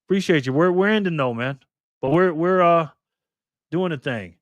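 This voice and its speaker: A man hosting a live stream in a loose, joking way, reading the chat messages out loud. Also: a little high, moderate pace, dry recording, highs cut off. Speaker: livestream host.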